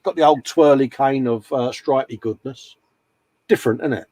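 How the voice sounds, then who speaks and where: A man's voice: medium pitch, normal speed, warm tone, dry recording. A man hosting a casual live-stream chat, rambling and friendly, calling everyone mate. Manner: chatty, rambling, calls people mate. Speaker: host.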